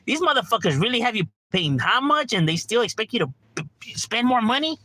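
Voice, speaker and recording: A man's voice: extremely high pitch, sing-song, a little fast, sharp tone. A middle-aged man streaming a game from home, ranting casually with lots of profanity and constant "bro.". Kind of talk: casual livestream rant.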